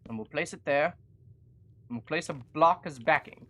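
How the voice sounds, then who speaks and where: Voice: medium pitch, moderate pace, sharp tone. Chatty self-mocking gaming streamer. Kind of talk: casual live gameplay commentary.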